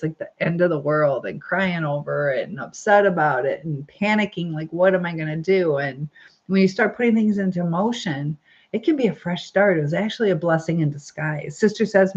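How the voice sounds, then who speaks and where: A woman's voice: fairly low pitch, normal speed, muffled recording. A woman hosting a casual livestream, reading viewer comments aloud in a chatty, upbeat way, laughing often and using lots of fillers. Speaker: livestream host. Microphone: phone or webcam livestream.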